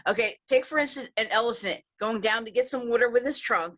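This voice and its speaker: Brief: comedian woman from the USA, bright tense tone, slightly high, frank crude jokes. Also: fast talker. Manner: bold, frank, deadpan delivery of crude jokes. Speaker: stand-up comedian. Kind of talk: raunchy stand-up set. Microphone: video call.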